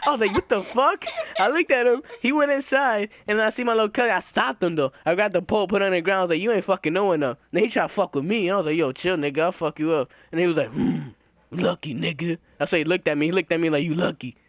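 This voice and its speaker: A young man telling a story in casual chat, slangy and profane, animated and laughing, acting out the people he quotes. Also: high-pitched, very fast, dry recording. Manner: slangy, profane, repeats filler "right?".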